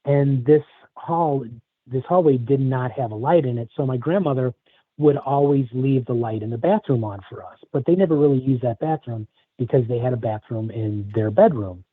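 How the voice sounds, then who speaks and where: A man from the Chicago area telling a personal story in a halting, casual way, with many restarts. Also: mid-range voice, dry recording. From Chicago area, USA. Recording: tinny phone line, dry.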